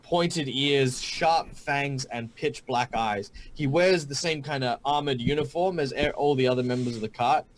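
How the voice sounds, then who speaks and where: A man's voice: medium pitch, slight background noise, poor audio. Man narrating a tabletop game. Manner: halting, many fillers and restarts. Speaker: game master.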